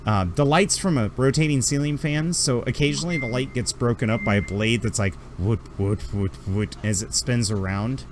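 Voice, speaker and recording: A man's voice: medium pitch, fairly quick, few pauses, a little hiss or hum. A man narrating a tabletop game as game master, rambling through descriptions with fillers.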